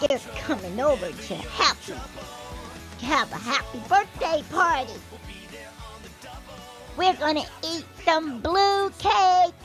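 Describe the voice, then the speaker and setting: A woman with a very high, squeaky voice narrates a toddler toy video, excited and sing-song, speaking as a cheerful toy character. She talks very slowly and drawn out over light background music. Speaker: children's video host.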